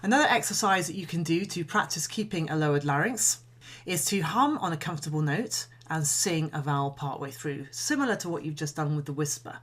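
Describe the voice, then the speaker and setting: A woman singing coach giving a calm, measured voice lesson, explaining and demonstrating breathing exercises. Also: low-pitched. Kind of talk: instructional voice lesson.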